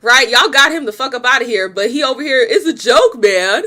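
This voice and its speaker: A young woman hosting a reaction video in a high, bright voice. She comments bluntly and with exasperation, swears freely and breaks into laughter. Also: expressive, normal speed. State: pregnant.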